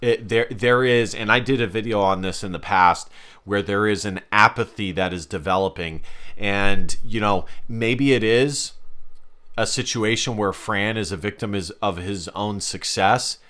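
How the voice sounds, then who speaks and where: Male sports reaction vlogger, casual and emphatic, lowish pitch with a bright, forceful tone. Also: measured pace. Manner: emphatic, repeats phrases for stress.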